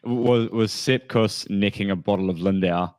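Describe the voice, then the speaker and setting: A man co-hosting a casual podcast, chatting in a relaxed, wry way. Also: on the low side, moderate pace, smooth. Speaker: podcast co-host. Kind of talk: casual chat.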